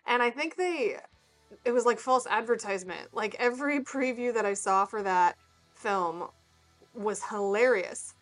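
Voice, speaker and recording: A woman's voice: a little high, unhurried, faint music behind. Chatty woman with a laugh. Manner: chatty, laughs often, hesitant fillers. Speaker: podcast co-host. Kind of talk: casual chat.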